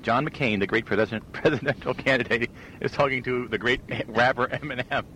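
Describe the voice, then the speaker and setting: A man's voice: mid-range voice, a little fast, bright, forceful tone, a little hiss or hum, low-quality recording. A man hosting casual comic banter, rambling and laughing as he sets up bits. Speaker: host.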